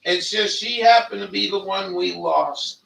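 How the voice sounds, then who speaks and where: A man's voice: high-pitched, measured pace, gravelly, fairly bright tone, reverberant, recorded from a distance. An older man telling rambling, profane stories in a meandering monologue. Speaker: vlogger.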